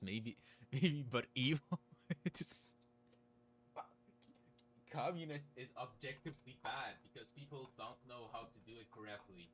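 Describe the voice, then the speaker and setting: A man's voice: lowish voice, fairly bright tone. A man streaming a game, chatting casually, swearing and laughing as he talks. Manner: swearing, laughing, dubbing a clip aloud.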